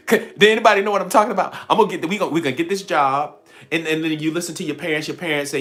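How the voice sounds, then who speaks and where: Here the livestream host speaks quickly, his pitch on the high side and his tone fairly bright, over soft background music. It's playful spiritual-stream talk aimed at viewers, full of laughter and acted-out quotes.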